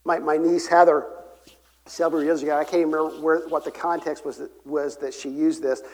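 A man preaching a sermon as pastor, earnest, moving between emphatic and soft delivery. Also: on the high side, little pitch movement, a little fast. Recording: long reverb of a large hall.

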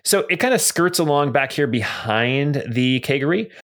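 A relaxed man narrates a tabletop game as its game master. He describes each scene casually and rambles a bit, with plenty of ums along the way. His voice sits at a middle pitch. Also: normal speed. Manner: casual, rambling, many fillers.

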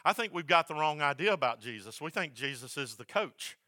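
A male pastor preaching a sermon, swinging from loud, repeated emphasis down to a soft hush. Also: fairly high pitch, expressive, a little fast, no echo. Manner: builds to loud emphatic repetition, then drops to a soft hush.

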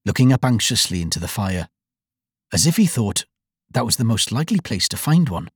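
An audiobook narrator reads a classic children's tale with wildly varied pitch and a husky, breathy tone. The recording is dry and close. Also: huge pitch swings, moderate pace, no echo. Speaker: volunteer audiobook reader.

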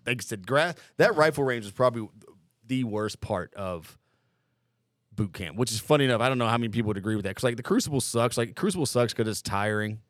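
A man's voice: medium pitch, animated, fast talker, no echo, clean studio sound. Profane, rambling storytelling man. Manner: rambling, profane, lots of "like" and "dude". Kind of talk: casual chat, storytelling.

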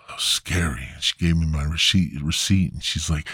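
A man's voice: very deep voice, moderate pace, a bit bright, husky, no room sound, clean studio sound. A man hosting a podcast, telling a rambling, profane story in a laid-back, casual way. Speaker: podcast host.

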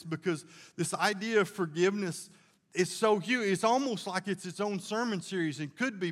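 A male pastor delivering a sermon in a chatty, down-home storytelling manner, his voice sitting a bit higher than most men's. He talks to the congregation plainly and often backs up to restart a thought. The sound carries a long reverb from the church hall. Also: a bit bright. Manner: folksy storytelling, conversational with restarts.

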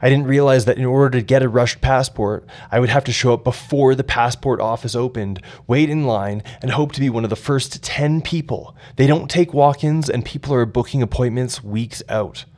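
A man's voice: mid-range voice, normal speed, few pauses, darkish tone, close to an everyday voice. A man playing a weary friend fed up with waiting. His voice is ordinary and conversational, and a little deflated. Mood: exasperated. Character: weary male friend recounting bureaucracy.

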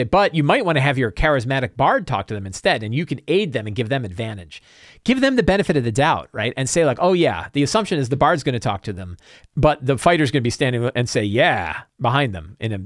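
Male talk show host, fairly high voice, animated delivery with lots of pitch swing, dry close sound. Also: no room sound. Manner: animated, rambling, answers questions from viewers. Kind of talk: casual chat.

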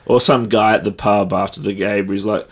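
A man's voice: on the low side, fairly even intonation, moderate pace. A man co-hosting a podcast in casual chat, dry and wry, with chuckling asides. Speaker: podcast co-host.

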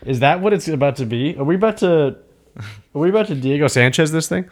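Male podcast co-host, slightly higher-pitched, playful and laughing, casual banter. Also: lively intonation, quick pace. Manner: joking, laughs often, acts out a shouting cornerman.

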